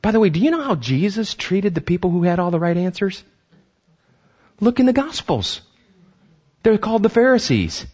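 A man preaching a sermon as pastor, animated, acting out voices and often restarting his sentences. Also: high voice, moderate pace, pauses often, breathy edge, dull audio.

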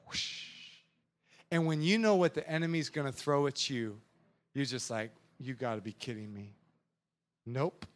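A young adult man preaching as a youth pastor, telling stories in a lively, animated way. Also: on the high side. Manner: animated storytelling with sound effects and acted voices.

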